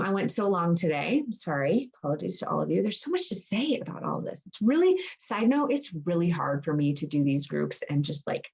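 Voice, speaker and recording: A woman's voice: fairly low pitch, slightly rough. A woman coach leading a live online group session, talking energetically and acting out inner dialogue with rhetorical questions. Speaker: mindset and nutrition coach. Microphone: computer mic on a video call.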